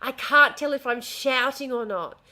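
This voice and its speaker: A woman with an Australian accent chats casually on a livestream from a room at home, using a desk mic and swearing freely as she talks with a smile. Her voice sits high, bright and forceful, at a moderate pace.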